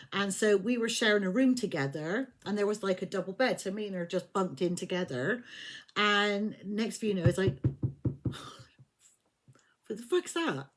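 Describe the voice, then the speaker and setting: Fifties English woman, tarot reader, rambling anecdote delivery, giggly and frank. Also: medium pitch. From England. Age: 50s. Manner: chatty, laughs often, swears, loses track of dates. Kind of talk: casual storytelling.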